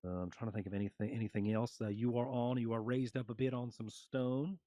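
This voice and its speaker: A man running a tabletop fantasy game as game master, describing the scene in halting narration full of fillers. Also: mid-range voice, fairly even intonation, mellow, no room sound.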